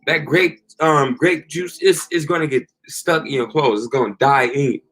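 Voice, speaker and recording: Slangy man preaching, a bit high. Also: moderate pace, a bit bright. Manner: casual slang, repeats "you know" and "okay". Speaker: street preacher. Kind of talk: informal preaching monologue.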